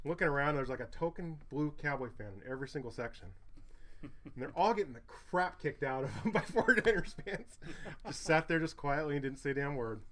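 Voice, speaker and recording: A man's voice: fairly high pitch, animated, a little fast, fairly bright tone, slight background noise. A man hosting a card break, chatting casually and calling out each card between stories. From Southern California. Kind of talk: casual chat while opening cards.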